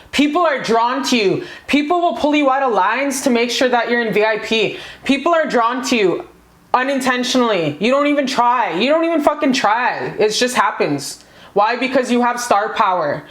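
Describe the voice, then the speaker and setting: A woman's voice: on the high side, reverberant. A woman giving a casual pick-a-card tarot reading, gushing and profane.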